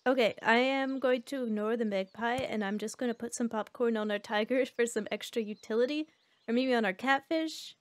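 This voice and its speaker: A young woman chats through a game stream, her voice sitting a little high. She reacts loudly to each turn and chats back to her viewers. Soft music plays faintly under her talk. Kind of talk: casual gameplay commentary.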